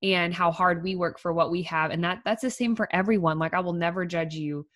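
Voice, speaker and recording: Chatty young mom, low voice. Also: female voice, steady tone, brisk, fairly bright tone. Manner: chatty, says "like" often, laughs easily. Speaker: podcast co-host. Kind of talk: casual chat.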